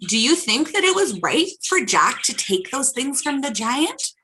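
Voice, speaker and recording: A woman reading a storybook to children, slow and expressive with her voice swooping up and down. Her tone is bright and clear over a faint hiss. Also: high-pitched, poor audio. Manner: animated, asks the children questions. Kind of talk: reading a picture book aloud to children.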